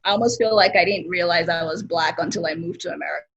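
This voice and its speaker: A woman's voice: lowish voice, fast, creaky, fairly bright tone, husky, muffled recording. A woman from Nigeria with a Nigerian accent, telling personal stories openly in a group conversation over a video call. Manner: open, talkative, personal storytelling. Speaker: discussion participant.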